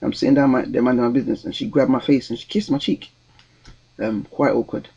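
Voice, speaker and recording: A man's voice: mid-range voice, steady tone, fast, mellow, breathy edge, dull audio. A young man, telling a story in a casual vlog with a rambling, hesitant delivery full of ums and restarts. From London, England. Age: 20s. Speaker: vlogger.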